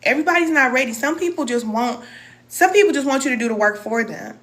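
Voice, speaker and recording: Fast and expressive, this woman's voice sits high with a fairly bright tone. She's a middle-aged spiritual wellness teacher chatting emotionally with live-stream viewers, reading their comments and addressing them as cousin.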